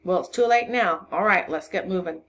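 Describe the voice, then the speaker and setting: Woman reading a soft-spoken young man. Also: fairly low pitch, moderate pace, slight background noise, close to an everyday voice. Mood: quiet. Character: young man, quiet and practical.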